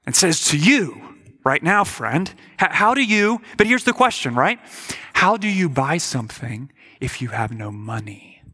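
Earnest, bright-voiced male preacher. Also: a little high, very animated, measured pace, breathy edge. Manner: earnest, questioning, repeats words when emphasizing. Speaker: pastor. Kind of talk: sermon.

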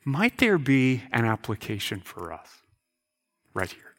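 A man's voice: mid-range voice, big pitch swings, measured pace, a bit bright. A man preaching a sermon, emphatic, posing rhetorical questions and often repeating words as he goes. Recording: reverberant hall.

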